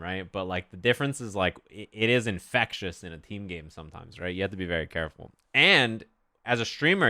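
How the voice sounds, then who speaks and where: A man's voice: on the low side, bright, forceful tone, clean tone. A man streaming, chatting casually and animatedly, swearing freely and acting out quotes.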